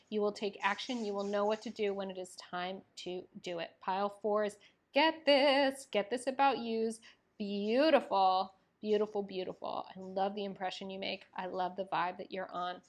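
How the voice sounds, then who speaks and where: A young woman giving a tarot reading, talking in a gushing, effusive way with many fillers. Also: medium pitch. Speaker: tarot reader.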